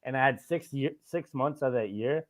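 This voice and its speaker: A man's voice: medium pitch, moderate pace. A man hosting a podcast, telling a long story in a loose, rambling way, swearing often and tagging lines with "right?". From Canada. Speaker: podcast host. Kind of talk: casual podcast chat. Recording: tinny phone-like audio.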